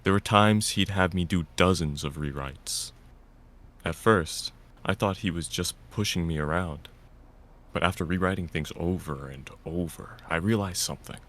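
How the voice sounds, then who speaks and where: A man's voice: low voice, moderate pace, fairly bright tone. A man reading a visual novel aloud in first person, narrating and voicing the stern lead. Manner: stern and lecturing in dialogue.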